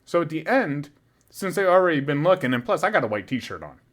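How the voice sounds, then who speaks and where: A man's voice: a little high, fairly quick. A young man co-hosting a podcast, telling a story in casual chat, laughing often and swearing freely. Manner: animated, swearing, laughs often, loud when imitating a drunk fan. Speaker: podcast co-host.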